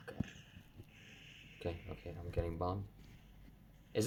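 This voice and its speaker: A young man commentating his own video game play, getting excited and swearing when it goes wrong. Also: low-pitched, slow, long pauses, a little hiss or hum. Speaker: gaming channel host. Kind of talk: gameplay commentary.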